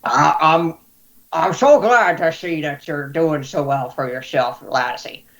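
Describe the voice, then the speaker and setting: A man's voice: fairly high pitch, takes it slowly, vocal fry, fairly bright tone, full character voice. Old retired fighter uncle, man plays him, plain, rambling, fond. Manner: plain-spoken, rambling, with stumbles.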